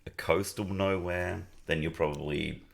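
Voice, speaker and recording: A man's voice: low-pitched, steady tone, a little slow, gravelly. A man co-hosting a podcast, rambling through a story in casual chat and laughing often.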